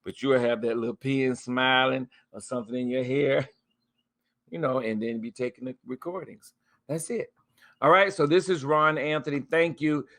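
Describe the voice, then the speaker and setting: Man preaching encouragement with swinging pitch. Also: steady tone, normal speed. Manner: preachy, repetitive, with scripture quotes and soft laughs; pitch swings up and down a lot on emphasis. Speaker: host of a spiritual talk stream. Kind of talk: casual spoken encouragement. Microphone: webcam or phone mic, live stream.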